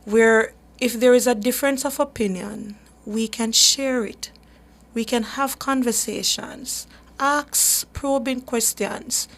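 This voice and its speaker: A woman's voice: a little high, a little slow. A woman hosting a radio talk show, speaking earnestly and emphatically, often repeating words as she gathers her thoughts. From Jamaica. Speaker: radio show host for a human rights group.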